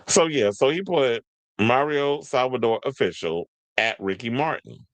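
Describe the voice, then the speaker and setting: Lively, gossipy man hosting pop-culture chat. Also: medium pitch, a little slow, no room sound. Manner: playful, gossipy, laughs often, mock-swooning asides. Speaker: host.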